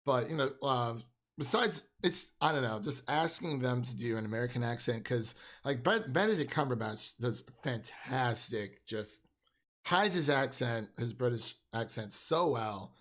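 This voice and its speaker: A man's voice: medium pitch, lively intonation, measured pace, fairly bright tone. A man co-hosting a casual film chat, rambling with many fillers and restarts. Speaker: podcast co-host.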